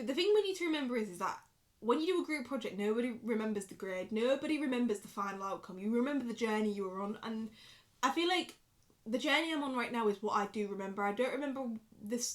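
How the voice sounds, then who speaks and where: Chatty, sweary Yorkshire woman in her twenties. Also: on the high side. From Yorkshire, England. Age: 20s. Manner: rambling, sweary, chatty, animated. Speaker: vlogger. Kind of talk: casual talking-to-camera vlog.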